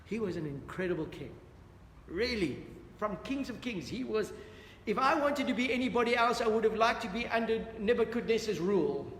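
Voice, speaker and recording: Bible study teacher, male, high voice, echoey hall with long reverb, faint background ambience. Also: animated, moderate pace, a bit bright, slight background noise. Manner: earnest, questions the audience, repeats "dear friends". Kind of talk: interactive Bible study lesson.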